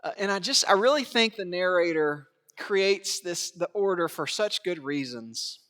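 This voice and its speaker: A pastor delivers an animated sermon in a reverberant church sanctuary, his high voice unhurried. He swings between hushed asides and raised, emphatic lines, acting out biblical quotes in character voices.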